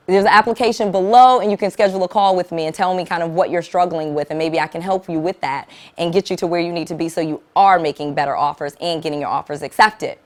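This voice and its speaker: A woman coaching viewers on real estate investing in an upbeat, emphatic teaching vlog, speaking plainly and checking in often with "okay?". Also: medium pitch. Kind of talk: direct-to-camera teaching vlog.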